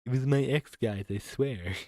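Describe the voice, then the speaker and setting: A man's voice: mid-range voice, moderate pace, mellow, no room sound, studio quality. A man hosting a livestream, reacting to a clip with sarcastic, rambling commentary full of fillers and laughter. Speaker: livestream host.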